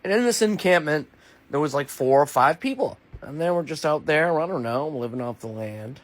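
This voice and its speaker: A man's voice: a little high, expressive, moderate pace. A man telling a rambling, improvised comic story off the cuff. He swears freely, mocks himself and laughs between lines.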